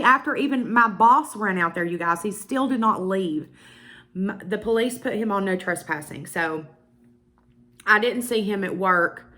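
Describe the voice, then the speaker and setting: A woman's voice: mid-range voice, fairly bright tone. A young woman with a Southern US accent, chatting to her viewers and telling a personal story with emphatic asides. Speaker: beauty vlogger. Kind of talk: casual storytelling to camera.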